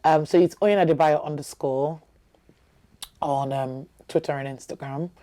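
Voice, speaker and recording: A woman guest on a podcast, her voice low. She chats casually, laughs easily and warmly affirms the host. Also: fairly even intonation, moderate pace. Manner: warm, giggly, affirming. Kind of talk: casual interview chat.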